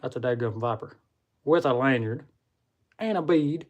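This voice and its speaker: With a medium-pitched voice at normal speed, a young man with a Southern American accent hosts a casual, folksy live chat and addresses viewers as y'all. The audio from his computer or phone mic is muffled.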